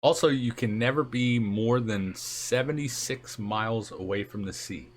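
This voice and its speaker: A man's voice: medium pitch, measured pace. A man hosting a live stream, asking his guest questions in an easygoing way and laughing often. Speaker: stream host. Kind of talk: casual interview on a live stream. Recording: faint background noise.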